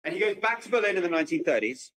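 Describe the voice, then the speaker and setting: Animated man giving a lecture. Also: high-pitched, rapid-fire, low-quality recording. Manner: lively, animated storytelling with frequent restarts. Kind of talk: public lecture. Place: at home with a computer, remote talk.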